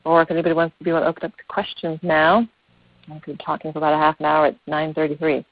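Low-pitched and level in tone, this yoga teacher talks rapid-fire in an earnest, wandering way full of fillers. Her phone on a video call produces dry, tinny, phone-like audio.

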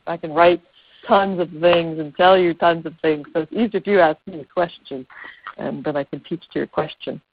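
A woman's voice: low-pitched, fairly even intonation, normal speed. A woman yoga teacher giving an earnest, meandering talk over a video call, with many fillers. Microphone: phone on a video call. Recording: dry, tinny phone-like call audio.

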